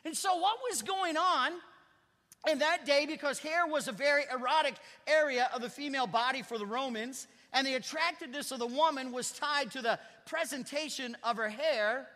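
A man's voice: very high-pitched, bright, forceful tone. A man, a pastor, preaching a sermon in a conversational style and pushing hard on key words. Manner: conversational preaching with emphatic rising stresses. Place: church sanctuary. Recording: church hall reverb.

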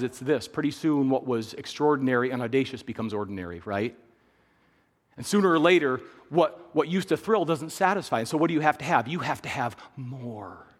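A man pastor preaching a sermon, dropping to hushed low lines and rising into loud, raised bursts. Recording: long hall reverb.

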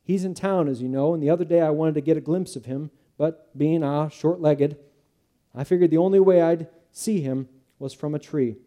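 A man's voice: a little high, moderate pace, mellow, close to an everyday voice. A male preacher reading the part of a humble, repentant tax collector, speaking earnestly and pleadingly.

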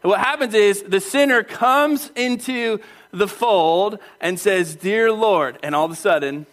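A man with a fairly high voice preaches a sermon in a church. He keeps it animated and playful, acting out voices and calling on the congregation to join in. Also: moderate pace, background noise. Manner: animated, acts out voices and crowd calls. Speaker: pastor.

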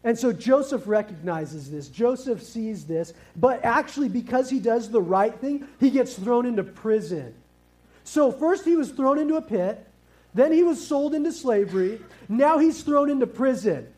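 Male preacher, very high voice, mellow tone, casual and lively, asks the crowd questions. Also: normal speed. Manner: lively, engages the audience with questions; casual, youthful slang. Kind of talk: family sermon with kids present.

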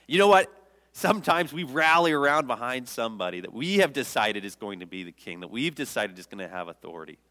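A man's voice: medium pitch, a little fast, long reverb tail. A man preaching a sermon as pastor, telling the story with humor and acting out the quotes. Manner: lively storytelling, jokes and acts out quotes.

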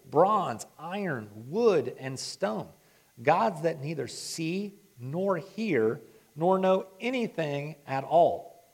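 Male preacher, casual sermon delivery that builds to emphatic stress. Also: medium pitch.

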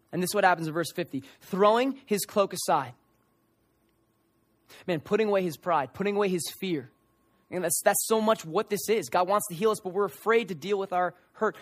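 A young male preacher delivers an impassioned sermon in a high voice. He acts out the lines of the people in the story as he goes. The sound is close and dry, with no room echo.

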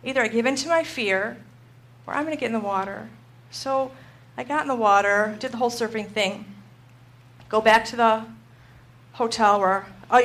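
A middle-aged woman teaching a Christian group, telling a personal story in an animated way and acting out her own panic. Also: a little high.

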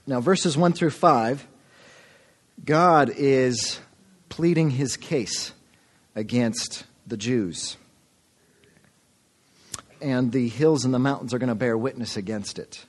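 A man's voice: mid-range voice, slow pace, pauses often. A man preaching a sermon as pastor, earnest and calling his listeners folks. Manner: earnest, addresses the congregation as folks.

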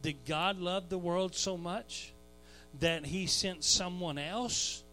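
A man preaching a verse-by-verse sermon as pastor. He rises to shouted emphasis on key phrases and sometimes repeats a word as he restarts. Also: high voice, takes it slowly, soft background music, low-quality recording. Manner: repeats words when restarting. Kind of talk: expository sermon.

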